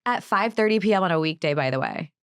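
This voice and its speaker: A young adult woman co-hosting a podcast, telling dating stories in a blunt, animated way and swearing freely. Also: fairly low pitch, quick pace, clean tone, no room sound, studio quality. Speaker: podcast co-host. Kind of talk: casual chat, storytelling. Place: New York.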